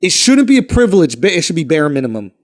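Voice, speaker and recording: High-voiced man talking bluntly. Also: big pitch swings, fast talker. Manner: blunt and profane, argues his point at length. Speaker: podcast co-host. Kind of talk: casual chat.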